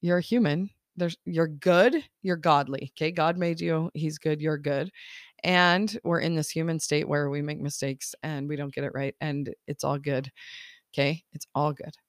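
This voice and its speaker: A woman's voice: low-pitched, fairly even intonation, moderate pace, dry recording, clean studio sound. A woman life coach hosting her podcast in a casual, upbeat monologue, laughing often as she acts out people's thoughts.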